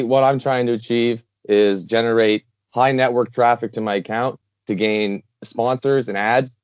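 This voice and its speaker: A man's voice: medium pitch, darkish tone, no room sound. A man from Canada, a guest talking earnestly and rambling with many fillers in a casual interview. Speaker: guest, charity founder. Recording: dull lo-fi dry sound.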